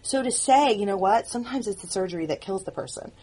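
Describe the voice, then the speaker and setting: A woman who writes and produces the show, speaking candidly in an audio commentary with earnest, halting phrasing and frequent restarts. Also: medium pitch, expressive, mellow, breathy edge.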